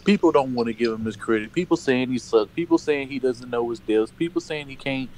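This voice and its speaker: A man's voice: mid-range voice, brisk, darkish tone, rough recording. A man co-hosting a casual sports debate, emphatic and profane, hammering his points with repetition. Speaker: sports talk co-host.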